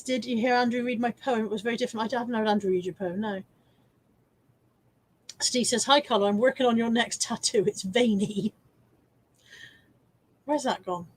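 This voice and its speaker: Woman, fairly high pitch, casual live stream, chatty and self-mocking, hiccuping, camera mic at home. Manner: chatty, self-mocking, quick asides to viewers. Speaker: live stream host reselling car boot finds. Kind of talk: casual live stream chat reading viewer comments.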